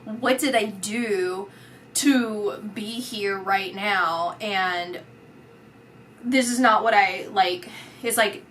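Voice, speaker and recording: A woman giving a psychic reading, talking in halting phrases that restart often with filler words. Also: mid-range voice, fairly bright tone, slight background noise. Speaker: psychic reader. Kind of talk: intuitive reading, spoken to the camera.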